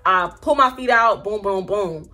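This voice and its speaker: A young woman telling a storytime vlog in an animated, slangy way, acting out the people in her story. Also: mid-range voice, unhurried. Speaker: vlogger.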